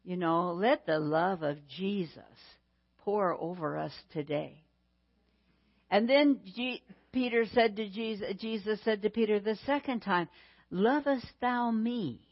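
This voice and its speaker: Slow, deliberate woman preacher. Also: mid-range voice, lo-fi sound. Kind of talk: sermon.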